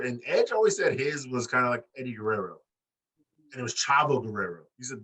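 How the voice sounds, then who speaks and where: A man co-hosting a wrestling podcast in casual chat, profane and animated, acting out quotes in high voices. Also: fairly quick, slightly rough, far from the mic. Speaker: podcast co-host.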